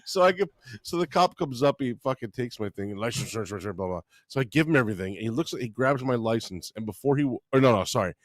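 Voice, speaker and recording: A man, co-hosting a comedy podcast and telling a story in an animated way, swearing freely. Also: medium pitch, quick pace, few pauses, no echo. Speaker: podcast co-host.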